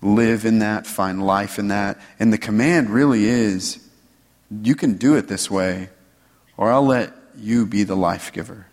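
A man giving a conversational sermon, loose and animated, often checking in with "right?". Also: fairly low pitch, measured pace, long reverb tail. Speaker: preacher.

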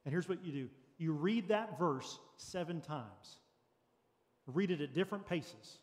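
A man's voice: on the high side, animated, measured pace, a little mellow, big-room sound. A man preaching a sermon as pastor, earnest and practical, with light jokes for the congregation. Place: church sanctuary.

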